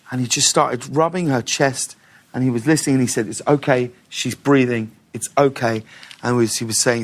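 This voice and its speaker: A middle-aged man, telling stories in a casual interview with an animated, laughing manner. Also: medium pitch. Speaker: talk show host, guest.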